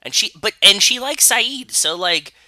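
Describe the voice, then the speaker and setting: Bright-voiced man retelling a show, casual. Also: sits high, no echo. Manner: animated retelling with quick mocking impressions. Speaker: podcast co-host. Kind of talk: casual chat.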